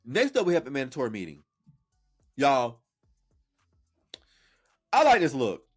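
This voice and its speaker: A man's voice: medium pitch, huge pitch swings, measured pace, faint music behind. A man hosting a podcast, talking in a sassy, playful way as casual reaction commentary. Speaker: podcast host.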